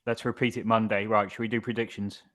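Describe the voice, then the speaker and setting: A man co-hosting a casual football podcast, talking in a relaxed, reflective way and steering the conversation. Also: lowish voice, quick pace. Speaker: podcast co-host.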